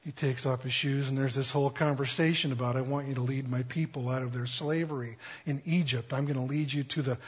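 A man's voice: medium pitch, steady tone, brisk, few pauses, slightly rough, dull audio. A man preaching a sermon in a conversational, playful way, acting out quotes with jokes. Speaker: pastor.

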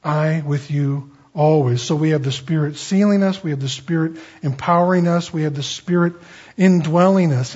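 A man's voice: on the high side, a little mellow, breathy edge. A man preaching a conversational, emphatic sermon, teaching from scripture with rising bursts of emphasis. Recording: dull, lo-fi sound.

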